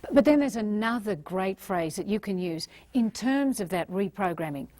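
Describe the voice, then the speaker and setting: A middle-aged woman with an Australian accent gives a motivational seminar talk in an animated, emphatic way. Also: medium pitch, normal speed, dry recording. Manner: animated, emphatic, acts out little scenes. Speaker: motivational speaker.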